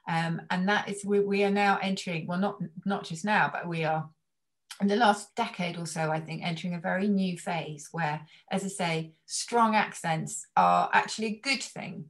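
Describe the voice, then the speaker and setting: A woman from England with a received pronunciation accent, a language expert explaining things in an interview in a measured, thoughtful way with frequent ums. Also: on the low side, fairly even intonation. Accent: British received pronunciation.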